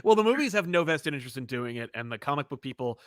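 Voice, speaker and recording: A man co-hosting a podcast in casual chat, animated and acting out quoted voices. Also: medium pitch, rapid-fire, no echo, studio quality. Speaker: podcast co-host.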